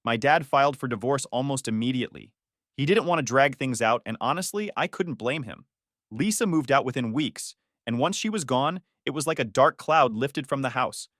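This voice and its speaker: A man's voice: mid-range voice, expressive, moderate pace, a bit bright, no room sound, clean studio sound. A man narrating a dramatic personal story in the first person, telling it with emotion and heat. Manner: emotional, with angry outbursts in quoted lines.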